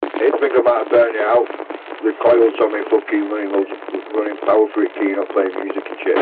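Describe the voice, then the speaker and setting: Blunt manc bloke on cb radio, lowish voice, thin tinny sound, loads of hiss. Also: male voice, little pitch movement, fairly quick. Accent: Mancunian. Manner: blunt, swears a lot. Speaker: CB radio operator. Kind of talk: casual radio chat. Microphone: CB radio handset. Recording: noisy CB radio transmission.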